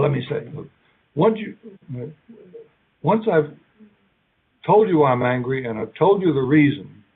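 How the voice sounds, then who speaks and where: A man giving an academic keynote lecture in a conversational, halting way, now and then acting out short quoted lines. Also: mid-range voice, breathy edge. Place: lecture hall. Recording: tinny phone-like sound.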